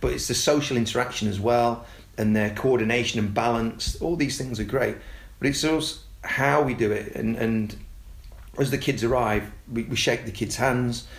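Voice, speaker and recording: A man, a youth football coach talking casually and telling animated stories. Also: normal speed, vocal fry, reverberant. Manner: animated storyteller, mimics excited kids in a high voice. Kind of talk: casual podcast chat.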